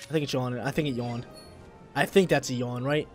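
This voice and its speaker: A young man casually commenting while he plays a video game, laid-back and slangy, with sudden loud bursts of excitement. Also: medium pitch, a little fast, faint music behind. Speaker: gameplay streamer.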